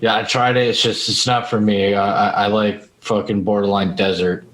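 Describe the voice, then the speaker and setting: A man's voice: fairly low pitch, flat delivery, a bit bright. American male podcast host, rambling, foul-mouthed, echoey room sound. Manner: rambling, swearing, halting restarts. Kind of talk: casual podcast chat.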